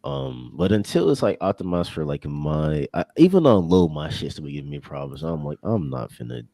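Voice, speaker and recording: Deep gravelly man, lively and exasperated. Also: moderate pace, no echo. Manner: animated, exasperated, swears. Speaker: podcast co-host. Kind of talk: casual gaming chat.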